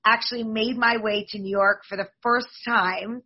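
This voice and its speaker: A woman in her forties, a league executive, answering podcast interview questions in an upbeat, promotional, fast-flowing way. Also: a little high, steady tone, highs cut off.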